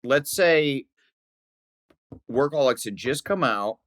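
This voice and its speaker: A man's voice: medium pitch, expressive, takes it slowly, fairly bright tone, no echo, clean studio sound. A man co-hosting a comedy podcast, rambling animatedly and repeating his phrases in casual banter. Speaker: podcast co-host.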